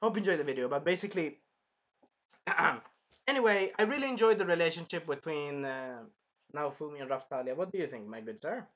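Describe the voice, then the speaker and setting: Brief: animated male reviewer, bright, high-pitched, swears freely. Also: a little fast. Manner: animated, blunt, swearing, swings between muttering and exclaiming. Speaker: anime reviewer. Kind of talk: casual spoken review.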